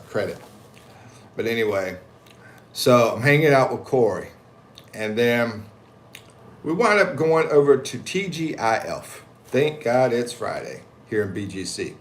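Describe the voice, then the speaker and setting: Man, lively swinging pitch, slangy jokey livestream chat, echoey room. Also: slight background noise. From United States. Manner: animated, slangy, jokey, reads chat aloud. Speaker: livestream vlogger. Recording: echoey room, faint background ambience.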